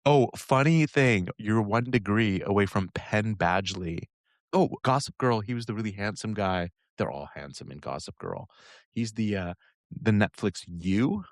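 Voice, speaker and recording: A man's voice: lowish voice, measured pace, dry recording, studio quality. A man who is a guest on a podcast, talking casually in a rambling way, laughing often. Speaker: guest, habit coach. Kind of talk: casual conversation.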